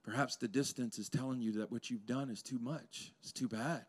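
Man preaching with swings from loud to hushed. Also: mid-range voice, fairly even intonation, a little fast. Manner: conversational, uses playful asides to the congregation. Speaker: pastor. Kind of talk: sermon. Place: church sanctuary before a congregation.

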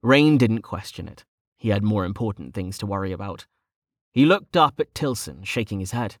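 A man narrating a fantasy audiobook in steady storytelling. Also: fairly low pitch, normal speed, no room sound, studio quality.

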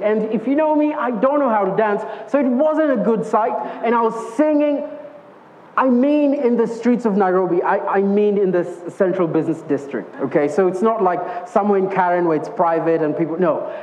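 A man with a strikingly high voice preaches a relaxed, conversational sermon, telling stories earnestly. His voice rings with a long echo through a church hall, and the recording sounds a bit dull and lo-fi. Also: slight background noise. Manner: earnest storytelling with vivid acted-out quotes.

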